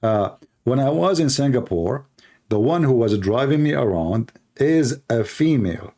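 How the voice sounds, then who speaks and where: Animated man acting out little dialogues. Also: a little slow. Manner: animated, acts out dialogues in higher voices. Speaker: commentator. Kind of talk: casual talk to camera.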